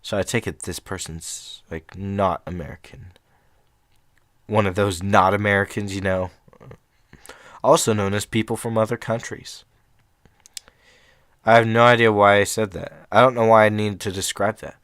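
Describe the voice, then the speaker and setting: A man's voice: fairly low pitch, fairly even intonation, moderate pace, long pauses, fairly bright tone, no room sound, studio quality. A young man reading short horror stories aloud in a casual, rambling way, breaking off for chatty asides.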